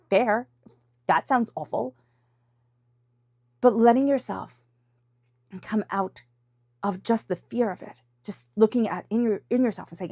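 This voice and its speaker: A woman's voice: a little high, a little mellow, no echo. Encouraging tarot reader woman, dry close sound. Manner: casual, encouraging, many fillers and restarts; acts out inner voices in quotes. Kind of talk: intuitive tarot reading.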